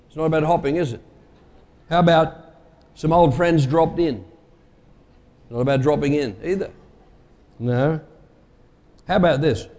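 A man's voice: fairly high pitch, unhurried, pauses often, a little mellow, big-room sound. A male preacher giving a conversational sermon and quizzing his congregation with everyday sayings.

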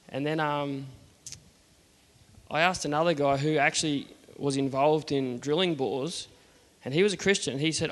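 A man's voice: a little high, normal speed, pauses often, big-room sound. A man with an Australian accent earnestly telling a personal faith story, acting out the dialogue. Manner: earnest, plain-spoken, acts out the dialogue.

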